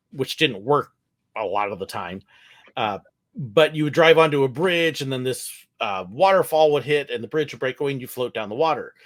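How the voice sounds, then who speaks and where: A man from California telling relaxed stories over a video call, laughing often. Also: mid-range voice. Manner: easygoing storyteller, laughs often. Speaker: guest, former theme park ride skipper. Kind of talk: casual video call chat.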